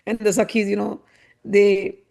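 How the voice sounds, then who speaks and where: A woman telling a devotional story in an animated, conversational way with frequent asides. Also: medium pitch, unhurried, vocal fry. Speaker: spiritual storyteller.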